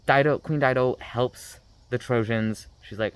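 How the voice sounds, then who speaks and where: A man's voice: mid-range voice, unhurried, smooth, poor audio. A man giving a casual, rambling book review rant, sarcastic and full of fillers.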